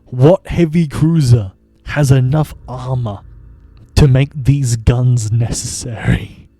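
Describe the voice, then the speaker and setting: Slow, mellow-voiced game streamer. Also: male voice, medium pitch, slightly rough, dry recording. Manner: wry, amused, chuckles often. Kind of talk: casual gameplay commentary.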